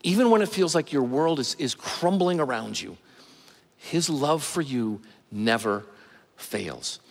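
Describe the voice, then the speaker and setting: A middle-aged male pastor preaching a sermon with measured, emphatic pauses. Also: mid-range voice, expressive, creaky. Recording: long hall reverb.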